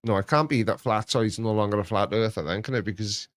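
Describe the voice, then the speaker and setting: A man hosting a casual chat, reading viewer comments in a rambling, mocking, animated way. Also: fairly low pitch, quick pace, no room sound, clean studio sound. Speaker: host reacting to viewer comments.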